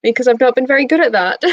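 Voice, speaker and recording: A young woman, bubbly and prone to little laughs, chatting to her viewers in a fairly high voice. The sound is dry and close, with a dull, lo-fi stream quality. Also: no echo. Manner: bubbly, giggly, reading out chat messages. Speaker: booktube streamer. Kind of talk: casual live-stream chat.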